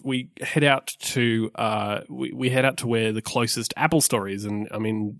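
Halting man on a dry close mic. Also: mid-range voice, dry recording. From Australia. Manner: halting, repeats words while finding his point. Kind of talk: casual travel chat.

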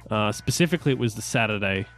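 A man's voice: fairly low pitch, expressive, quick pace, fairly bright tone, soft background music. A man co-hosting a casual geek podcast, opening in an upbeat way, then rambling with many restarts. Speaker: podcast co-host.

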